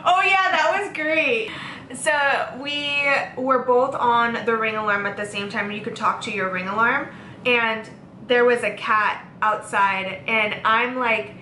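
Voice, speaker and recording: A young woman chatting casually as host, her voice bright and a touch high, with a playful, laugh-prone way of talking. The room gives back a noticeable echo, and a faint hum sits underneath. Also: unhurried. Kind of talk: casual chat. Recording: echoey room, faint background noise.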